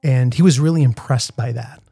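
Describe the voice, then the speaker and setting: A man's voice: mid-range voice, normal speed, gravelly, mellow, husky, no room sound, clean studio sound. A middle-aged man with a Boston accent, telling a story in a casual, rambling podcast monologue full of fillers and restarts. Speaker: podcast host, street photographer.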